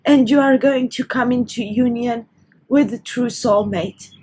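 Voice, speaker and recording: High-voiced tearful woman reading tarot. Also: a little slow, a little mellow, slight background noise, poor audio. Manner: tearful, overcome with emotion. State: teary, near crying. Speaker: tarot reader.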